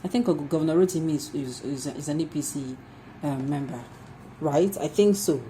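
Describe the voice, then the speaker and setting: A Nigerian woman giving opinionated news commentary, animated, firing off rhetorical questions and slipping into Pidgin. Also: low voice, moderate pace, a little hiss or hum, poor audio.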